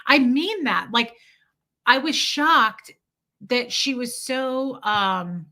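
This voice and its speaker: A woman's voice: a little high, expressive, very slow, bright, forceful tone. A young woman live-streaming, telling a rambling, chatty story and greeting viewers as she goes.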